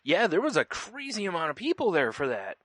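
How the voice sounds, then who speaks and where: A man's voice: high-pitched, wildly swooping pitch, fairly bright tone, dry recording. A man co-hosting a podcast, cracking jokes, laughing often and swearing in casual chat. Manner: quick jokes and frequent laughter, swears freely. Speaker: podcast co-host.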